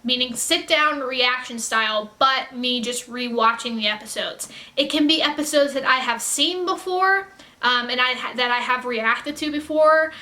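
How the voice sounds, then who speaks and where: A woman with a fairly high, bright, forward voice gives casual reaction commentary. She rambles and effuses, often stopping to correct herself mid-sentence. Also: moderate pace. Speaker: reaction video creator.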